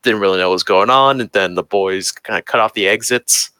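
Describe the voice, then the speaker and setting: A man's voice: lowish voice, fairly quick, pushed and bright, smooth, dry recording, low-quality recording. A young man running a tabletop game, telling the story casually with lots of fillers. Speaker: game master.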